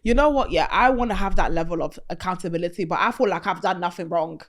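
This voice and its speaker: A woman's voice: fairly low pitch, fast talker. Playful British woman podcast host. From United Kingdom. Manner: playful and teasing, heavy slang. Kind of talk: casual chat.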